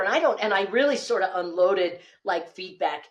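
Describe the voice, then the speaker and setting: A woman speaking coach, a guest on a podcast, telling animated stories and acting out the dialogue. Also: mid-range voice, fairly quick, lo-fi sound. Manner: animated storyteller, acts out quoted dialogue. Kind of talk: lively podcast conversation.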